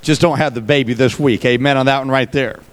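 A man's voice: mid-range voice, steady tone, fairly quick, clean tone. A male pastor preaching a sermon, folksy, with joking asides to the congregation.

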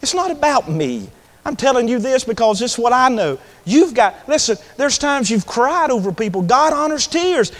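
Man, preacher, revival sermon, very high voice, long hall reverb. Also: sing-song. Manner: swings from hushed storytelling to shouted, drawn-out preaching. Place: church sanctuary.

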